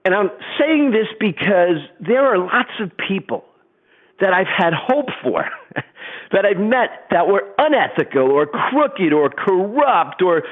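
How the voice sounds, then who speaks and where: Man, middle-aged, webinar presenter, animated storyteller, fairly high voice, phone-quality sound. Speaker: program presenter.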